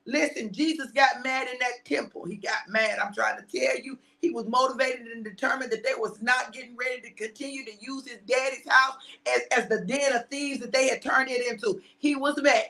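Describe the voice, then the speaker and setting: High, bright-voiced woman preacher. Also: moderate pace, few pauses. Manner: animated, repeats phrases, laughs often, shouts for emphasis. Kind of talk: energetic sermon on a live stream.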